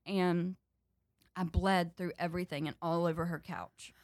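Animated young woman telling a story. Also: on the low side, unhurried, dry recording, clean studio sound. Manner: animated, acts out the voices of people in her story. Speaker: podcast guest. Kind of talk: casual storytelling.

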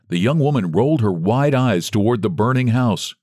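A man's voice: mid-range voice, moderate pace, few pauses, no room sound, studio quality. A man reading a story aloud as an audiobook narrator. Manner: expressive storytelling. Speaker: audiobook reader. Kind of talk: scripted narration.

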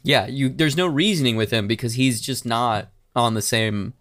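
A man's voice: mid-range voice, moderate pace. Casual male podcast host. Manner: animated storytelling, acting out shouted quotes with profanity. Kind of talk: casual true-crime podcast chat.

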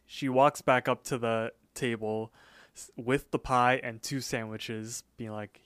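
A man's voice: mid-range voice, fairly even intonation, normal speed, a bit bright, clean tone, no echo. A young man co-hosting a podcast, casually retelling a cartoon episode with lots of "like" and acted-out quotes. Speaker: podcast co-host. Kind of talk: casual chat, episode recap.

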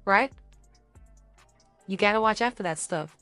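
Animated young woman podcast co-host. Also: mid-range voice, a little slow, dry recording, soft background music. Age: young adult. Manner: animated, acts out little scenes with voices. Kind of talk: casual podcast chat.

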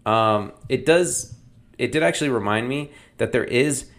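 A man's voice: mid-range voice, moderate pace, a bit bright. A man hosting a casual movie review, talking in a rambling, opinionated way with lots of fillers. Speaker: podcast host reviewing films.

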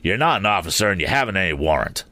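A man's voice: low-pitched, very animated, fast talker, sharp tone, dry recording, heavily acted. A man voicing a sneering, cowardly male thief in a spoken adventure story, whining and scornful by turns.

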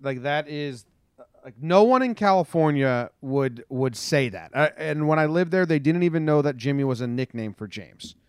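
A man's voice: on the high side, animated, moderate pace, clear, resonant tone, no room sound, clean studio sound. A young man co-hosting a casual chat, easygoing, asking questions and rambling a little. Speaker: podcast co-host.

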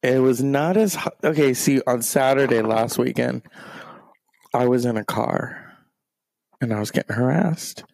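A man's voice: mid-range voice, measured pace, gravelly, a little mellow, no room sound. A man hosting a show, ranting in a crude, rambling, self-mocking comic way. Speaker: show host. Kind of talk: comedic rant.

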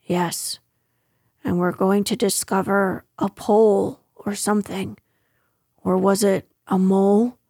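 A woman voicing a simple, cheerful, honey-loving bear who sounds gently puzzled. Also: mid-range voice, little pitch movement, slow pace, gravelly, no echo, studio quality. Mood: earnest.

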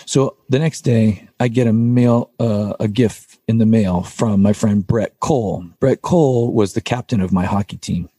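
A man with a low, mellow, slightly husky voice recounts a personal story as a podcast guest. His delivery is loose and rambling, full of filler words and casual swearing, and the recording is dry and close. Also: moderate pace, few pauses, no echo. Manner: rambling, with frequent "like" and "you know" and casual swearing. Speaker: podcast guest, metal band vocalist.

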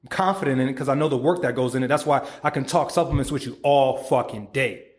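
A man's voice: mid-range voice, fast. Guy in his 30s doing a fired-up motivational podcast rant, swears a ton, preachy, does little voices for people. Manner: profane, animated, preachy, acts out quoted voices. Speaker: podcast host and supplement company founder.

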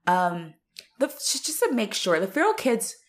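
A woman co-hosting a podcast, telling stories in a laughing, animated way and swearing casually. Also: mid-range voice, moderate pace. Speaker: podcast co-host.

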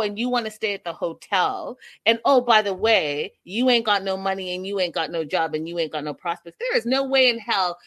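A woman chatting on a live stream in an emphatic, sassy manner, sharp with opinions and quick to lean into punchlines. Her voice sits at a middle pitch for a woman. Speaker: livestream host recapping reality TV. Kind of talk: casual live-stream commentary.

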